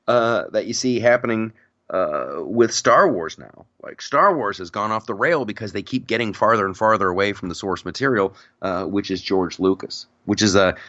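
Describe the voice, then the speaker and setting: A man with a low voice hosts a casual podcast chat, rambling through stories with lively energy and frequent restarts. The recording is dry, with no room echo, and slightly dull. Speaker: podcast host.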